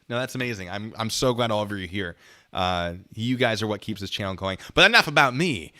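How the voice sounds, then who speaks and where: A man with a bright, forceful voice chats casually on his livestream, laughing often. He reads donations aloud and talks loosely to viewers. His voice sits on the low side for a man. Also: lively intonation, fairly quick. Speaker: streamer reacting to videos.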